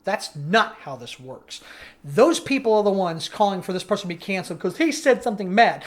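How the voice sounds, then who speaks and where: A man's voice: sits high, animated, a little fast. A man co-hosting a podcast, ranting bluntly and profanely in casual opinion chat. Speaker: podcast co-host.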